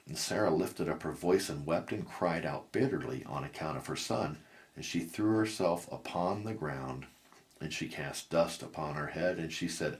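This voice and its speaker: A man reading scripture aloud word for word, steady and deliberate. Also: sits low. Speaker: scripture reader.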